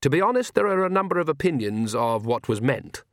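A man's voice: on the high side, sing-song, a little fast, no room sound, clean studio sound, pitched above the performer's own voice. A man voicing a nervous, earnest young male priest who halts and hesitates with many ums as he speaks. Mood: earnest, hesitant.

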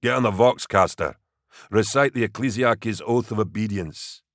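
A man voicing a huge, brutish male soldier with a deep, growling voice and slow, flat menace. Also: dry recording, clean studio sound. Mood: menacing calm.

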